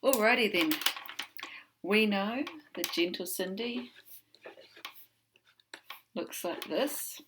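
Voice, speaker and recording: A woman with a New Zealand accent teaching an online phonics lesson from home, slowly sounding out letters and words. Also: mid-range voice, background noise. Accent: New Zealand English.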